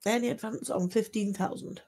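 Woman auctioneer, husky with some gravel, steady methodical bid-calling, mid-pitched. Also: normal speed. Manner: steady methodical lot-calling, selling once, twice, sold.

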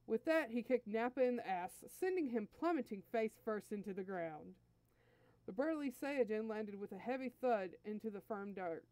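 A woman's voice: medium pitch, moderate pace, mellow, no room sound. A woman host reading fan fiction aloud in an easygoing, friendly storytelling manner. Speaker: story reader, channel host.

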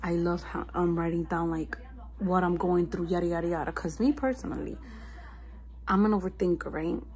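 A woman's voice: fairly low pitch, steady tone, moderate pace, darkish tone, poor audio. A young woman vlogging about feeling stressed, talking casually to the camera with lots of fillers like "like" and "you know what I mean". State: stressed and low. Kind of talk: casual confessional vlog.

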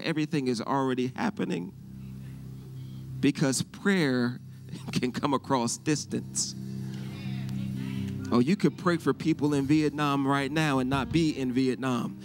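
Pastor guy preaching slow, middle-aged man, keeps asking "you hear me", goes loud, faint music behind. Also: mid-range voice. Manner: preaching with call-and-response questions, rising to shouts. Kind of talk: sermon.

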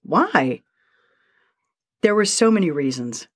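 A woman narrating a short story in a steady, measured reading style. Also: sits low.

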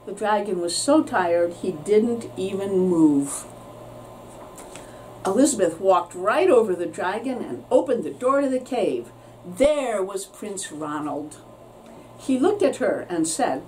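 A woman teacher reading a children's story aloud with expressive storytelling, recorded with a distant mic and faint noise. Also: medium pitch, slow.

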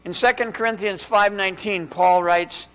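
A male pastor preaching a sermon in a church, with dramatic pauses and strings of rhetorical questions, dropping to a hush on key words. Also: high-pitched, fairly even intonation, smooth. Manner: drops to a hushed voice on key words.

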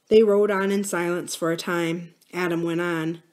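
Brief: a woman reading a classic novel aloud, steady and even. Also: lowish voice, normal speed, few pauses. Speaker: library book reader.

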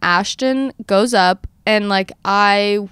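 A woman in her twenties hosting a podcast, telling a story in casual chat with lively, dramatic retellings of her own quotes. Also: mid-range voice, takes it slowly, clean tone, no echo. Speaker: podcast host.

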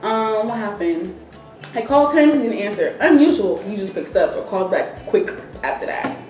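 A woman's voice: mid-range voice, normal speed. A young woman vlogger casually telling a story, acting out what everyone said. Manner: animated, acts out quoted dialogue. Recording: roomy echo, distant mic, faint music.

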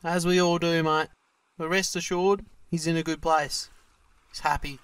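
A man's voice: on the high side, steady tone, moderate pace, a bit bright, smooth, dry recording, lightly acted. A man voicing Sassy, a swearing Australian sasquatch. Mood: soothing. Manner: laid-back, swears a lot, drawls. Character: cheerful male sasquatch, laid-back mate. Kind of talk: fan-made cartoon voice acting.

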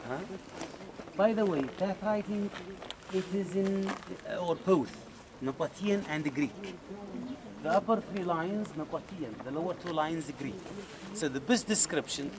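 A man guides a group around an outdoor site in a fairly high voice. He is animated and speaks straight to his listeners, and loud outdoor noise runs under his speech. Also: measured pace. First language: Arabic. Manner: animated, demonstrative, addresses listeners directly. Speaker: tour guide. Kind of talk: guided tour talk to a group. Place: outdoors at a rocky archaeological site.

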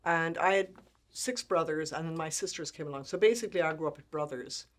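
Animated woman telling stories. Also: deep voice, a little fast. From Ireland. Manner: animated anecdotes, frequent laughter, acts out quoted people. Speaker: guest speaker, make-up artist. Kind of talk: storytelling interview talk.

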